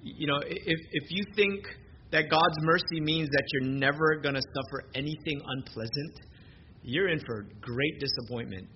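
A man's voice: on the high side, moderate pace. A man preaching a sermon in an earnest way, often repeating words as he restarts his sentences. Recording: muffled lo-fi sermon recording with background noise.

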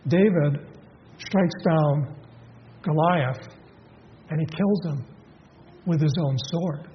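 A man's voice: on the high side, takes it slowly, a little hiss or hum. A man preaching a sermon in a conversational way, asking his listeners questions and often restarting with fillers. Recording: dull audio in a reverberant hall.

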